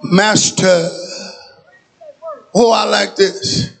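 A man preaching a sermon, using call-and-response and chanting as his preaching builds to shouts in a church sanctuary. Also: extremely high pitch, normal speed. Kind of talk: whooping sermon.

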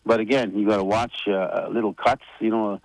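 Gravelly middle-pitched man, casual radio chat, halting and rambling, dry close mic. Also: steady tone, dry recording, rough recording. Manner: rambling, halting with many fillers and restarts. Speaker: federation leader giving updates on radio.

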